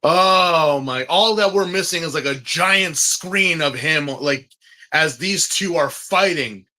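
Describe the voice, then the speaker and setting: A man in a casual podcast chat, excitable and rambling, with frequent restarts and fillers. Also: on the high side, slow. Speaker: podcast co-host.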